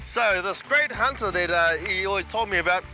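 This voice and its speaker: A man telling a hunting yarn in a lively, colloquial way. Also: high voice, a little fast, faint music behind. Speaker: storyteller. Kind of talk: casual anecdote.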